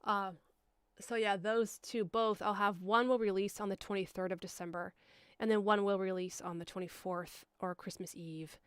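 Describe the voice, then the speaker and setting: Casual woman with a very clear voice. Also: medium pitch, steady tone, normal speed, a bit bright, no echo, studio quality. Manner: rambling, with frequent ums and asides. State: slightly hoarse. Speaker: fan comic dub producer and director. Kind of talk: casual livestream channel update.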